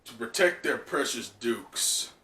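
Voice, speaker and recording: A man's voice: mid-range voice, lively intonation, slow pace, pushed and bright, recorded from a distance. A man voicing a hulking, menacing mammoth-man pirate in a dismissive, unbothered way, in an echoey room away from the mic.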